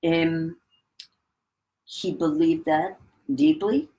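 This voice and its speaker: A woman's voice: sits low, expressive, extremely slow, mellow, rough recording. A middle-aged woman, a conductor, telling a reflective anecdote in a casual interview. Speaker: guest, orchestra conductor.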